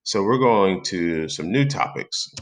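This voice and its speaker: A man hosting a software tutorial, calmly talking through each step aloud as he types into a document. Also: sits low, a little slow. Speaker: tutorial host. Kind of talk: screen-recorded software tutorial.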